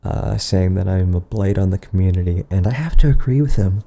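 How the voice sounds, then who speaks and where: Low and creaky, this man's voice moves fairly quickly through an improvised, absurd comedy bit. His delivery is rambling and deadpan, with frequent trail-offs and restarts.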